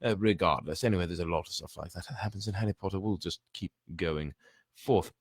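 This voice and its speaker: Low-voiced man reading a story aloud. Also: a little fast, no echo, studio quality. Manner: animated, chatty asides.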